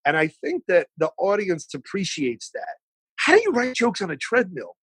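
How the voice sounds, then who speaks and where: A chatty man in his forties talks animatedly and swears freely as a podcast guest. His voice sits somewhat high for a man. The recording is dry and close. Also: sing-song, normal speed, fairly bright tone, breathy edge, no echo, low-quality recording. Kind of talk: casual chat. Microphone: remote call setup.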